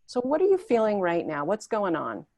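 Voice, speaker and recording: A woman hosting a talk show gathering over a video call, gently guiding participants and reading their chat messages aloud. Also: mid-range voice, huge pitch swings, normal speed, no echo, clean studio sound.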